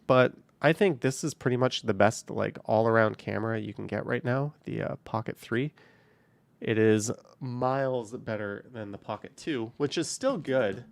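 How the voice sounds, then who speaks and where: While driving around the city, a young man hosts a casual live stream from his car, reading viewer messages, thanking supporters and answering questions in an easygoing way. His mid-range voice has vocal fry, and the recording is dry.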